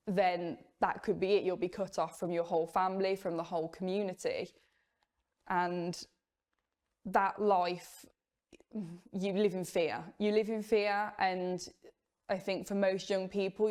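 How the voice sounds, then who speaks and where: Young woman talking through her past, lowish voice, open and steady. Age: young adult. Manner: candid, measured storytelling with rueful laughs. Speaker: former Jehovah's Witness sharing her story. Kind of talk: personal testimony.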